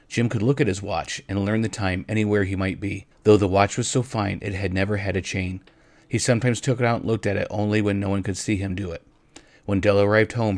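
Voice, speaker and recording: A man narrating a story aloud in a gentle way, at times speaking directly to his listeners. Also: lowish voice, no echo. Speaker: reader.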